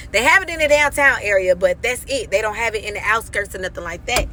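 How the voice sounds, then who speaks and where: A woman in her thirties giving an animated, emphatic faith testimony on her vlog, acting out quoted dialogue as she tells the story. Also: a little high, fast talker, few pauses, a little hiss or hum. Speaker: vlogger.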